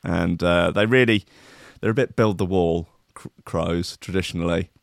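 A man's voice: low voice, moderate pace, creaky, no echo, studio quality. A man hosting a comic show, riffing on odd news stories in a rambling, sardonic, sweary way. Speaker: host. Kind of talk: comic commentary on news clips.

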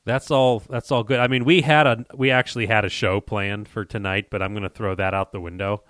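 Low-voiced man telling a rambling story. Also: steady tone, brisk, a bit bright, dry recording, clean studio sound. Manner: rambling, acts out other people's lines. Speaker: podcast host and lure maker. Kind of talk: casual storytelling chat.

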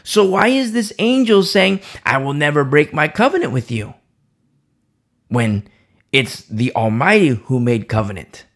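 A man's voice: on the high side, sing-song, a little slow, a bit bright. A man teaching a Bible study in sermon style, emphatic and fond of repeating phrases for stress.

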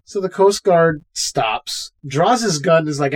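This podcast co-host speaks at an unhurried pace in a voice that leans high. In a relaxed movie-recap chat, he brings the film to life by acting out lines from various scenes.

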